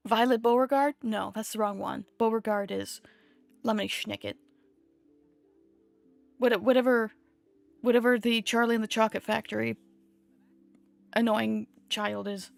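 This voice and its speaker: A woman's voice: a little high, fairly even intonation, moderate pace, creaky, long pauses, no room sound. A woman streamer chatting casually while she draws, rambling and self-amused, jumping between tangents. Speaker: VTuber streamer. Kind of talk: casual art-stream chat. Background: soft background music.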